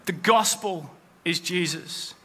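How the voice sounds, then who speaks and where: A man's voice: high-pitched, takes it slowly, bright, forceful tone. A man preaching a sermon as pastor, with rising emphasis as he quotes scripture. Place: church. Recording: long hall reverb.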